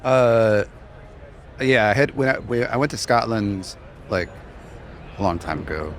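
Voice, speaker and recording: A man with a fairly low voice co-hosts a live podcast from a conference floor. He talks casually, rambles and restarts often, and there is faint noise behind him. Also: unhurried. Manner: rambling, laughing, many restarts. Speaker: podcast co-host.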